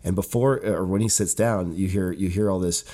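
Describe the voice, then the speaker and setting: A man co-hosting a casual podcast chat, telling a profane, animated story about his years managing gyms. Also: deep voice, brisk. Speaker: podcast co-host, gym manager.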